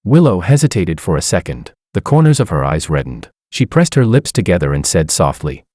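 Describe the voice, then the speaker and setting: A man's voice: sits low, sing-song, fairly quick, darkish tone, no echo, clean studio sound. A man narrating a first-person romance story in a smug, amused tone.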